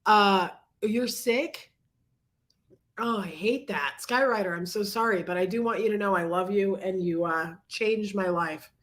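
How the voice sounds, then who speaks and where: Between coughs, this livestream host greets her viewers by name and chats casually, clearly sick and congested. Her low, husky voice has a slightly bright quality, and she keeps a measured pace.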